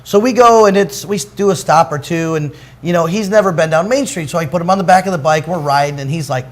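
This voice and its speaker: A middle-aged man with a high voice hosts a relaxed talk show. He rambles through long stories, chuckling as he goes. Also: quick pace, hardly any pauses. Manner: rambling storyteller, chuckles between lines. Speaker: show host. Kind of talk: casual chat.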